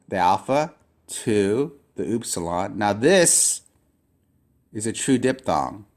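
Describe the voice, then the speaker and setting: A man teaching a recorded lesson on Greek syllable rules, explaining patiently with frequent fillers and restarts. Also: fairly low pitch. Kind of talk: recorded classroom lecture.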